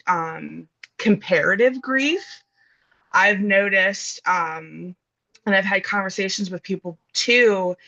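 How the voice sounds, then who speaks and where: A woman's voice: mid-range voice, bright, forceful tone, muffled recording. A woman in an earnest, casual conversation about grief, thinking aloud with fillers and restarts. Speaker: guest speaking on grief.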